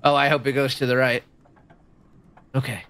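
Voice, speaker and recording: Bright, bubbly woman streamer. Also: normal speed. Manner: chatty, jumps into a high squeaky voice when excited or nervous. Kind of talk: casual gameplay commentary.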